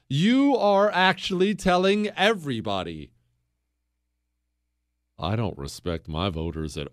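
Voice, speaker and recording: A man's voice: sits high, clean tone, no room sound, clean studio sound. A male talk show host delivering a fiery, opinionated monologue, hammering his points and repeating phrases for punch.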